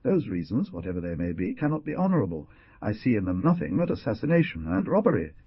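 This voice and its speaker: A man's voice: fairly low pitch, sing-song, quick pace, slightly rough, no room sound, muffled recording, full character voice. A man voicing a stern, blunt older frontier hunter who questions in a terse, reproachful way.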